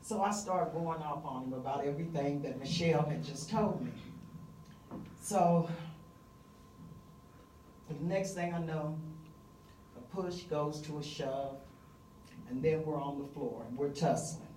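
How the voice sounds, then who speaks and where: A middle-aged woman telling a personal story live on stage, vivid and conversational with frequent pauses and fillers. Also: low voice, dark tone, echoey room, far from the mic, slight background noise, low-quality recording.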